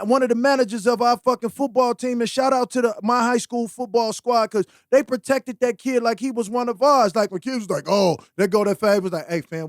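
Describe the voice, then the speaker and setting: A man's voice: very high-pitched, no echo, studio quality. A man co-hosting a podcast in casual chat, blunt, profane and impassioned. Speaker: podcast co-host.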